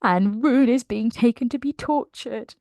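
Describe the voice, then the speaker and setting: A woman excitedly recapping a novel in a casual, emotional way, laughing often. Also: a little high, a little slow, dry recording. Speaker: book channel host.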